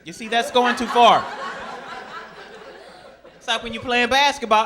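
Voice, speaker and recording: A man performing a stand-up comedy set on a club stage, telling animated stories and jumping into shrieking high voices for his characters. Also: brisk, background noise. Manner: animated storytelling, sudden high-pitched shrieks in acted quotes. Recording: live club recording with crowd laughter.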